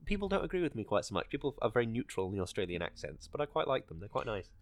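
A man's voice: medium pitch, very animated, racing, no room sound, studio quality. A man chatting casually about a film, rambling and hesitant with many fillers and restarts.

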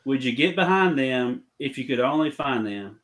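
A man's voice: mid-range voice, expressive, moderate pace, a bit bright. A man hosting a casual game show round on a podcast, playfully laying down the rules. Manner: playful, bossy in jest.

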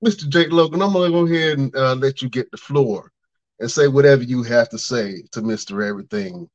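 A man hosting a wrestling podcast, introducing segments and reacting with hyped excitement. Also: mid-range voice, brisk, muffled recording. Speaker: podcast host.

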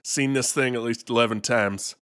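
A man's voice: mid-range voice, steady tone, normal speed, fairly bright tone, smooth, pitched below the performer's own voice, close to an everyday voice. A man putting on a Southern accent to play an unfazed, folksy ghost exterminator who has seen it all, in an improvised comedy bit. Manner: drawling, homespun, world-weary boasting.

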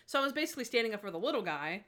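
A young adult woman with a slightly high voice races through a story in casual conversation. She's animated, packs in lots of fillers, and acts out what people said.

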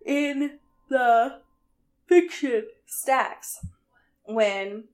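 A young woman co-host speaks extremely slowly in a high voice, recapping a book on a podcast. Her take is casual and sarcastic, full of "um" and "like," with some swearing.

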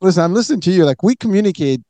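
A man's voice: sits high, expressive, racing, warm tone, no echo. A man hosting an interview, casual and full of fillers, laughing easily. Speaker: podcast host. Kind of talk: interview conversation.

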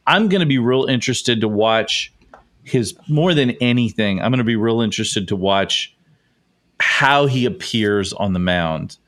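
A man hosting a casual sports podcast, excitable and often laughing. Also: medium pitch, a little slow. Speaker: podcast host.

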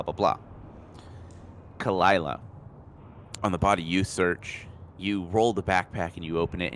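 A man narrating a tabletop game as game master, describing scenes in a relaxed way with small restarts. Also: sits low, a little hiss or hum.

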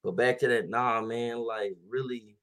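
A man's voice: medium pitch, steady tone, measured pace, a bit bright. A young man in his twenties co-hosting a podcast, telling stories in a laid-back, slangy way and laughing often. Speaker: podcast co-host. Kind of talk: casual chat.

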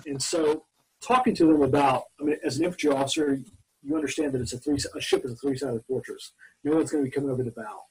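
A man's voice: mid-range voice, fast talker, slightly rough, poor audio. A man in his forties, a former Marine from Alabama, telling long rambling anecdotes as an interview guest. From Mobile, Alabama, US. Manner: rambling, animated anecdotes with many restarts. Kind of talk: casual storytelling interview.

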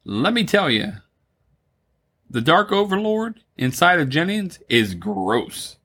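A man's voice: a little high, very animated, slow, a bit bright, husky. A man co-hosting a casual podcast, recapping a film plot with wry asides. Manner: wry, summarizes plot then riffs. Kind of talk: casual chat.

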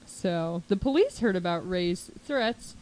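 A woman casually telling a true crime story as a podcast host, chatty and animated, with lots of "like" and quick put-on voices for quotes. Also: lowish voice, rough recording.

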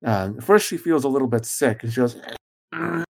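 A man narrating as game master, relaxed, with a lot of filler words. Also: medium pitch, normal speed, vocal fry.

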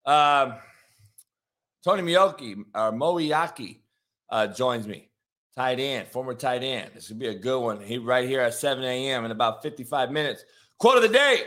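A man hosting a morning sports talk show, hoarse from yelling, brash and profane as he hypes the show and reads sponsor plugs. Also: medium pitch, moderate pace. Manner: brash, profane, hype-driven.

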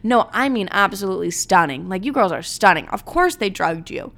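A woman's voice: medium pitch, expressive, brisk, vocal fry, fairly bright tone. A woman playing her blunt, dismissive mother, who swears casually and brushes off every worry. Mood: exasperated. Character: blunt exasperated mother, middle-aged woman.

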